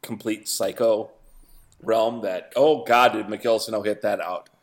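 A man co-hosting a sports podcast, excitable, often restarting mid-sentence. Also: on the low side, unhurried. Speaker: podcast co-host. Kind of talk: casual sports banter.

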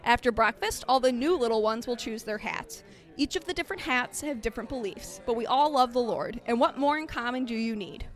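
A woman doing a booming male preacher headmaster. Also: a little fast, natural voice. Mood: folksy. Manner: loud fervent praying, folksy.

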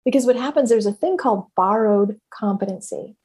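Mellow-voiced emphatic woman host. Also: medium pitch, a little fast. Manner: emphatic, swears freely, repeats words. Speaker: podcast host and former therapist. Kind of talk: candid casual monologue.

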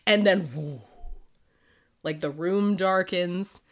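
A woman co-hosting a podcast who retells a book's plot in casual chat. She is animated, swears freely and laughs often. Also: lowish voice, slow pace. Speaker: podcast co-host. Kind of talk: casual book recap chat.

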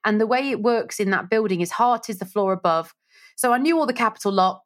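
A woman tells her stories in a lively, casual way as an interview guest. Her voice sits at a middle pitch, and she slips into the voices of the people she quotes. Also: fairly quick. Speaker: radio presenter, guest.

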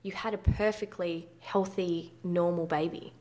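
In a candid personal interview, a female guest in her thirties speaks frankly and conversationally, using mild swearing. Her voice is fairly low and dark in tone, with fairly even intonation and a slightly slow pace.

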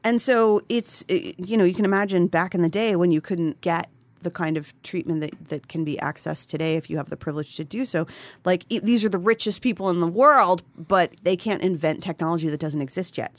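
A woman's voice: fairly low pitch, fairly even intonation, moderate pace, no room sound. A woman chatting casually, candid and profane, rambling with frequent restarts. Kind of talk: casual conversational chat.

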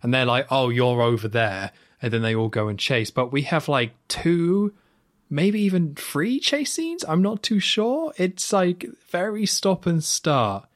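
A man co-hosting a film podcast in casual chat, animated and rambling, with lots of "like"s. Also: fairly high pitch, a little slow. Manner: animated, talks in long run-on stretches with many "like"s. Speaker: podcast co-host.

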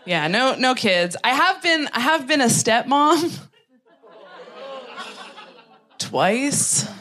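A Canadian woman doing a stand-up set on a theatre stage, self-deprecating and halting, with lots of "like"s. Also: mid-range voice, a bit bright, a little hiss or hum. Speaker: stand-up comedian. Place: theatre stage, recorded live.

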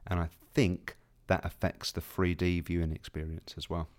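A man from England co-hosting a casual movie podcast with dry, deadpan humor. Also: low voice, moderate pace. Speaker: podcast co-host.

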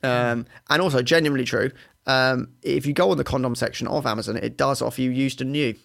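A man's voice: mid-range voice, fairly even intonation, fast talker, creaky, a bit bright. A man who is a comedian guest on a podcast, self-deprecating and rambling in casual chat.

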